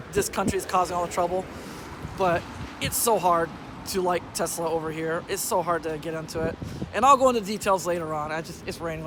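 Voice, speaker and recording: A man vlogging into his phone, hoarse from losing his voice and laughing often as he rambles on, frustrated. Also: high voice, heavy background noise. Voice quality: weak voice. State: hoarse, lost voice. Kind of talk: casual vlog talk to phone camera. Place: outdoors in the rain, then indoors. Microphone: phone held at arm's length.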